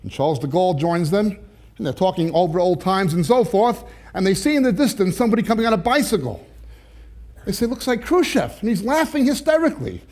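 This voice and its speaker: A man preaching, telling jokes with animated timing and then reading scripture slowly and deliberately. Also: sits high. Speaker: pastor.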